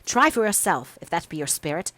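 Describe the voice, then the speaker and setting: A woman voicing a proud, sharp-tongued young mistress of the house who speaks with scorn and emphasis. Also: lowish voice, big pitch swings, a little fast, dry recording. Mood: scornful, emphatic.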